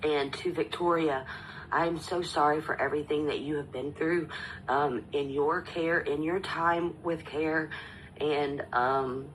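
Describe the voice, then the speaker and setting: Woman, 30s, panel guest on a live stream; low voice, halting, pauses often. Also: fairly even intonation, a little hiss or hum, rough recording. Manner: halting, tearful, many pauses and fillers. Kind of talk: emotional live stream sharing.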